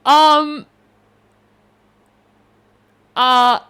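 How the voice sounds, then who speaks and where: A young woman streaming a game live, excitable and laughing often, swearing freely and using casual gamer slang. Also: high voice, drawn-out words. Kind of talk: live-streamed gameplay chat.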